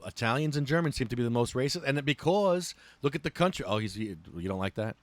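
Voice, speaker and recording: A man hosting a podcast, ranting in a casual, profane and animated way. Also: mid-range voice, fast talker, no echo. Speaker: podcast host.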